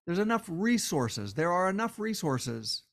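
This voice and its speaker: A man's voice: high-pitched, big pitch swings, unhurried, vocal fry. Tired, impassioned male podcast host. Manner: impassioned, repeats phrases for emphasis. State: tired and worn down. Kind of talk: solo podcast monologue.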